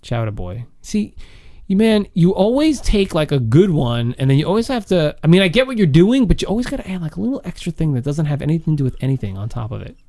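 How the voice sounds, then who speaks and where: A man's voice: big pitch swings, fast talker, mellow. Rambling man co-hosting a comedy podcast. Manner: rambling, pitches ideas, laughs often. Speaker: podcast co-host. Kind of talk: casual comedic chat.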